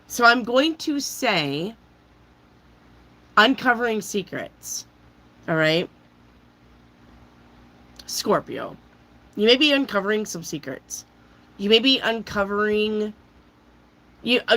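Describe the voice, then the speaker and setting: A woman giving a casual tarot reading while she has a cold, chatty and loose, often clearing her throat. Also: mid-range voice, sharp tone, rough recording. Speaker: tarot reader.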